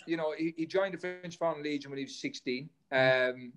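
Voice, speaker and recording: A man's voice: a little high, a little fast, fairly bright tone. A man, a former runner, telling rambling stories as a podcast guest, swearing casually and restarting his sentences. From Ireland. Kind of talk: casual storytelling chat.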